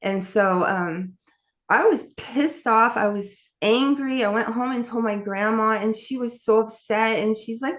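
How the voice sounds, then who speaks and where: A New York woman with a fairly high voice speaks at a moderate pace. An author appearing as an interview guest, she tells her life story candidly and ramblingly, full of fillers and restarts.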